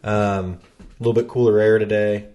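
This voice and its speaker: A man's voice: on the low side, level tone, moderate pace, warm tone, highs cut off. A man chatting as a podcast guest, joking at his own expense and laughing often. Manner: self-deprecating, storytelling, laughs often. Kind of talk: casual chat.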